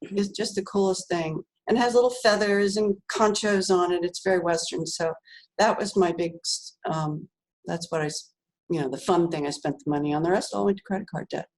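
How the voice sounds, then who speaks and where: A woman's voice: lowish voice, steady tone, brisk, a little mellow, rough recording. An older woman, a guest author, telling a story in a chatty way, laughing often and using many fillers. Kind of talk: animated storytelling.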